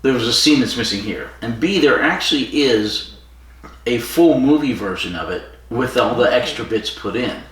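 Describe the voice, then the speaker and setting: A man's voice: mid-range voice, expressive, moderate pace, a bit bright. A man co-hosting a podcast, casually retelling a story with fillers and quoted lines. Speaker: podcast co-host. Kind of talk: casual chat. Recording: echoey room from far off.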